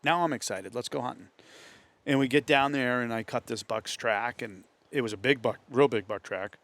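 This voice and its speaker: A man's voice: mid-range voice, moderate pace, fairly bright tone. A man with a New England accent telling a hunting story in casual talk among friends, acting out the voices of others. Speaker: host. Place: hunting camp.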